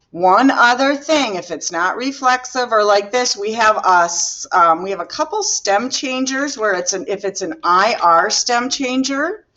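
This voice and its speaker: A woman's voice: medium pitch, fairly bright tone, dull audio. A woman teaching a recorded grammar lesson, patiently explaining step by step while she writes on the board. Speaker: Spanish teacher.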